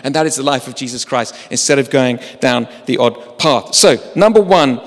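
A man's voice: medium pitch, normal speed, few pauses, big-room sound. A man preaching a sermon in a church, talking in a conversational way with self-deprecating humor.

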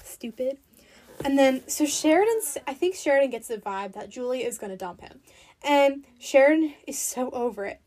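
A high-pitched woman chats her way through a reality TV recap. She is casual and blunt with her opinions, and "like" turns up in nearly every sentence. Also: animated, moderate pace, darkish tone. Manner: chatty and opinionated, heavy use of "like".

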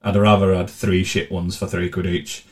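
Man, very low voice, monotone delivery, blunt and sweary, sardonic storytelling. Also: moderate pace. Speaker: vlogger. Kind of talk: casual monologue telling travel stories.

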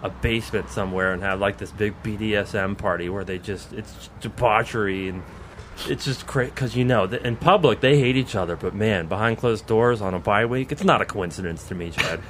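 A man's voice: on the low side, a little fast, a bit bright, a little hiss or hum. A man hosting a college football podcast, chatting casually in a joking, rambling way and laughing often. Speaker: podcast host. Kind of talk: casual sports chat.

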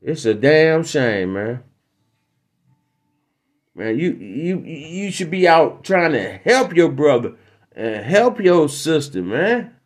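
Male podcast host, rambling and preachy, heavy swearing, slightly raised pitch. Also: very animated, slow pace. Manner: preachy, rambling, heavily profane. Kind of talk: profane comic monologue.

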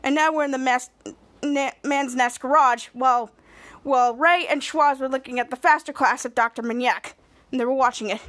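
A woman hosts a podcast, recapping a TV episode in a chatty, giggly way. Her voice sits high, and her sentences often break off and restart. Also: steady tone, normal speed, fairly bright tone. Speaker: podcast host.

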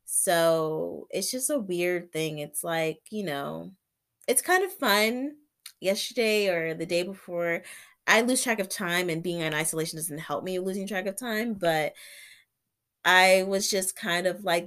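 With a lowish, fairly bright voice and a measured pace, a young woman vlogs in a casual storytelling style. She's sick with covid and an ear infection, chats along with lots of "like," and acts out her reactions.

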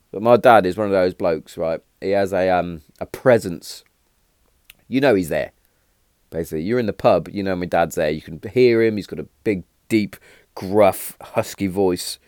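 Deep-voiced man telling stories. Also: moderate pace, no room sound, studio quality. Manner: rambling, animated when telling a punchline, frequent restarts and fillers. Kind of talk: casual storytelling.

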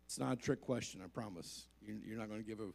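A man's voice: on the low side, fast, creaky, a little mellow. A male pastor preaching a conversational sermon, asking the congregation questions and joking along the way.

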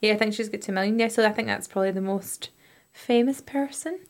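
A woman's voice: medium pitch, fast, vocal fry. A woman, co-hosting a podcast in easygoing, giggly conversation with friends. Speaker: podcast co-host. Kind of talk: casual chat.

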